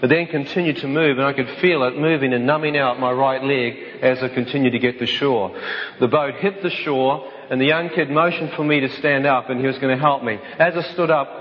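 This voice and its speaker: A man giving a dramatic personal testimony, telling it vividly and acting out the other voices. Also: medium pitch. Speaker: speaker telling his life story. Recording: dull recording with long hall reverb.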